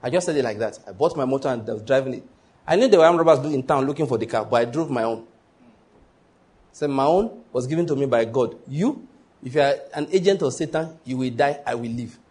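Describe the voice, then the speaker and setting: A man's voice: medium pitch, brisk, darkish tone. A man preaching a sermon, emphatic and storytelling, with repetition and call-and-response. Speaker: pastor.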